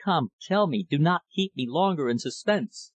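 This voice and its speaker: A man voicing an ardent young gentleman in a storybook reading, earnest and impassioned. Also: on the high side, lively intonation, moderate pace, no echo. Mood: desperate. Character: ardent young gentleman declaring his love.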